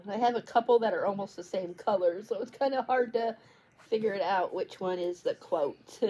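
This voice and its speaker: A woman's voice: medium pitch, a little mellow, a little hiss or hum. A woman book vlogger talking in a casual, rambling way, tripping over words and restarting sentences. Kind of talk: casual chat.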